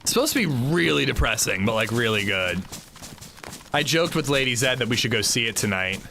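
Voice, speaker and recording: A man's voice: medium pitch, very animated, a little fast, gravelly, bright, forceful tone, a little hiss or hum. A man with a sore throat, giving rambling, casual commentary on his gameplay with lots of fillers. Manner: rambling, loose, full of fillers. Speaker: gaming livestreamer.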